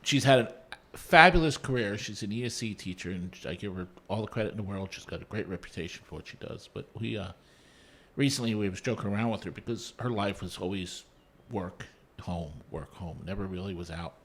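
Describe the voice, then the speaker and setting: Podcast guest, a man in his 50s with a low, husky voice and a loose storytelling style. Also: fast talker. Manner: relaxed anecdotes with many fillers. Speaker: guest, former medic. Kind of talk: casual conversation.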